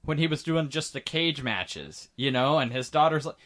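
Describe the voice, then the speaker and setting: A man's voice: fairly high pitch, animated, normal speed, a bit bright. A man co-hosting a podcast in casual chat, hesitant and rambling, with lots of fillers and casual swearing. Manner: hesitant, full of "you know" and restarts, swears casually. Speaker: podcast co-host.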